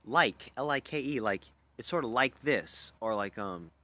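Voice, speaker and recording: A man's voice: medium pitch, animated, measured pace, no room sound. Profane, erratic young man from Louisiana. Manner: profane, loud and erratic, jumping between topics. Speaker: livestream host. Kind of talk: rambling casual livestream chat.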